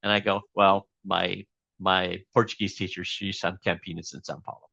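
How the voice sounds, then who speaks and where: A man's voice: low voice, flat delivery, moderate pace, creaky, sharp tone, no room sound, dull audio. A man being interviewed as a guest, telling a long story casually with many fillers and restarts.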